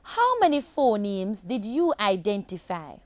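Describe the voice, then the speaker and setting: A woman teacher with a Jamaican accent gives a recorded phonics lesson for children. She speaks slowly and deliberately and addresses the class as boys and girls. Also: mid-range voice, wildly swooping pitch, dry recording.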